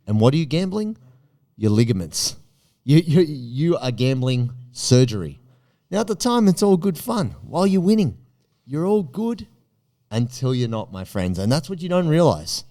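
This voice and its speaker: A man hosting a podcast, talking in an emphatic way and jumping up high in pitch for punchy questions. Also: sing-song, moderate pace, dark tone. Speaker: podcast host. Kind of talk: animated podcast monologue.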